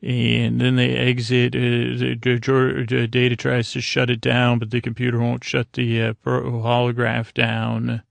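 A man's voice: mid-range voice, completely flat delivery, a little slow, vocal fry, few pauses, dry recording. A man hosting a podcast, casually recapping an episode, rambling with fillers and quoting characters. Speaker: podcast host.

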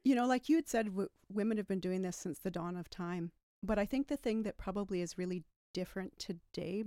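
A woman hosting a podcast, reflecting thoughtfully and asking her guests questions in relaxed conversation. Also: on the low side, dry recording, studio quality. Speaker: podcast host. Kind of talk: casual conversation.

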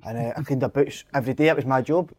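A man's voice: mid-range voice, rapid-fire, dry recording. A man, a former footballer telling stories in a casual chat, laughing along as he goes. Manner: laughs through his own stories, sweary.

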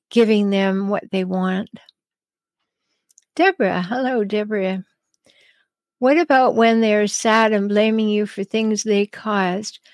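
A woman hosting an advice podcast, answering listener questions in a calm, chatty way with frequent ums and small laughs. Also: medium pitch, no room sound. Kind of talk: advice talk show.

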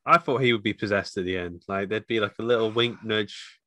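Low bright-voiced man, rambling. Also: a little fast, dry recording. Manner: rambling, full of "like". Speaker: podcast co-host. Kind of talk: casual film review chat.

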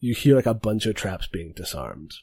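A man narrates a tabletop game as its game master, wandering through his descriptions with many fillers. His voice is low and husky, recorded dry and close. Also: big pitch swings, moderate pace, mellow, no room sound.

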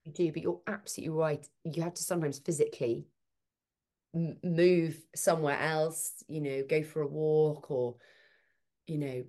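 A woman speaking as a guest in a casual podcast conversation about parenting. She talks in an emphatic, animated way and thinks aloud as she goes. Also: sits low, normal speed.

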